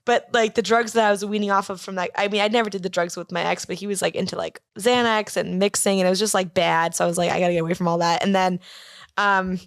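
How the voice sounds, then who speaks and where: A woman's voice: mid-range voice, fairly even intonation, quick pace, no echo, clean studio sound. A young adult woman comedian, a podcast guest, telling a long rambling story and acting out the people in it with lots of "like". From Boston area. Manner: rambling, frequent "like", acts out quoted voices. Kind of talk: casual chat, storytelling.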